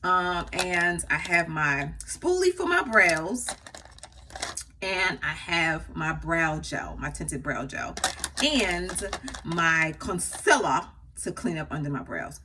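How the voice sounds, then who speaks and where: Chatting casually and laughing now and then, a woman walks through her makeup routine as she applies it. She's a makeup artist vlogger with a lowish voice, recorded from a distance from the mic against a noisy background.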